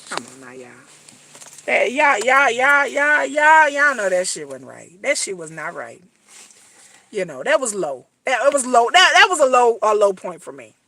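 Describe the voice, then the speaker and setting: Bright-voiced woman ranting profanely. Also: a little high, no echo. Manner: profane, emphatic, repetitive. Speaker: reality TV commentator. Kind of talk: casual ranting commentary.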